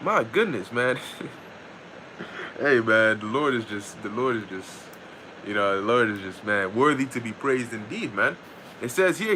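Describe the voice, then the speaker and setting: Lively, swearing man teaching scripture. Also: mid-range voice, a little hiss or hum. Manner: loose, profane, reads verses slowly, laughs often. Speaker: Bible teacher. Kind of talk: casual scripture lesson.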